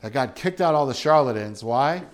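A man preaching a sermon in a relaxed, conversational way, asking his listeners questions and acting out little everyday scenes. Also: medium pitch, moderate pace. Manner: chatty, rhetorical questions, acts out everyday scenes. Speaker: pastor.

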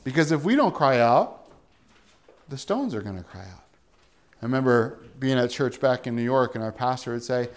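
A man's voice: mid-range voice, lively intonation, moderate pace. A male pastor preaching a sermon in an earnest way, building to emphatic peaks.

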